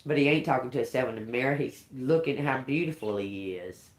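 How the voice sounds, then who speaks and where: A woman's voice: rumbling low, a little fast. A woman doing a casual live tarot reading, talking loosely, restarting phrases and swearing now and then. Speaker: tarot reader.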